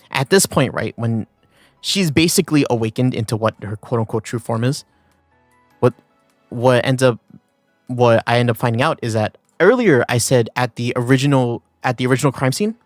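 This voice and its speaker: Brief: casual male streamer, mid-pitched, dry recording, soft background music. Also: dry recording. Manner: rambling storytelling with many fillers. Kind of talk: casual chat.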